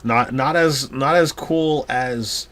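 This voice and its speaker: A man co-hosting a casual tabletop game chat, relaxed and agreeable, often adding brief interjections. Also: medium pitch, slow. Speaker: co-host.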